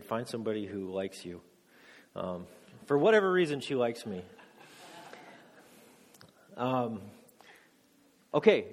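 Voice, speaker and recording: A man's voice: mid-range voice, breathy edge. A man, a married father, preaching a teaching sermon to a congregation, quizzing them with questions and joking about himself. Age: adult. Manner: joking, self-deprecating, quizzes the audience. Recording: long echo of a large hall.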